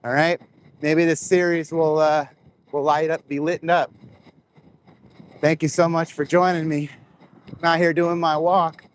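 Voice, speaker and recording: A man on an outdoor walk, doing laps, vlogs casually and rambles to his viewers, speaking to them directly into a clip-on mic close to his face. His fairly high voice is flat and unhurried, with long pauses and slight background noise.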